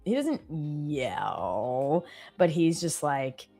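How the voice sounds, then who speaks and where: Faint music plays behind this woman's deep, dark voice, which swings widely in pitch and moves extremely slowly. In her thirties and from Canada, she co-hosts a live trading stream and tells rambling, filler-laden stories in casual chat.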